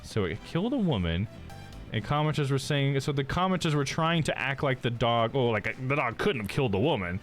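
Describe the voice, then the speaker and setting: Laughing, animated male streamer. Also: medium pitch, a little fast, faint music behind. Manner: laughs often, says "dude". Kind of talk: casual live-stream chat while playing a game.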